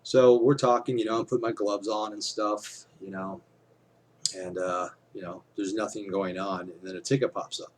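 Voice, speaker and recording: A man's voice: lowish voice, fairly even intonation, moderate pace, slight background noise. A man talking casually to his camera, rambling with lots of fillers and casual swearing. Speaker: vlogger.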